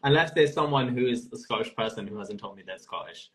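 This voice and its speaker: A man's voice: mid-range voice, animated, fast talker, rough recording. A man hosting his podcast in casual chat, cheeky and playful, then earnest. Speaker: podcast host.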